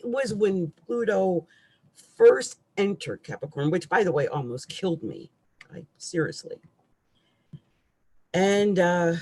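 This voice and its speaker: Woman, middle-aged, astrologer, live-stream rant, husky, very lively pitch, irritable outbursts. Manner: ranting, irritable, swings between loud outbursts and quiet asides.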